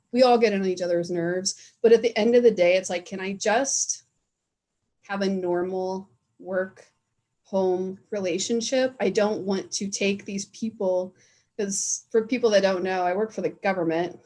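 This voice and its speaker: A woman's voice: medium pitch, a little mellow. A woman hosting a casual chat over a video call, talking loosely and joking, laughing often. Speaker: host.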